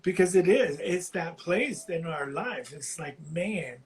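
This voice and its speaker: A man calling in to a live reading, sharing something painful in a halting, heartfelt way while close to tears. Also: fairly high pitch, lively intonation, rough recording. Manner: halting, heartfelt, slow, often restarting phrases. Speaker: caller on a live psychic reading. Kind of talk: emotional personal sharing.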